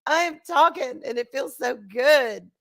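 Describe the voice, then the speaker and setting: Woman, hoarse, congested, slightly high voice, chatty livestream host. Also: unhurried. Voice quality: nasal, congested. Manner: chatty, laughing, swings between loud bursts and quiet asides. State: hoarse from a recent flu. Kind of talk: casual chat reading live chat.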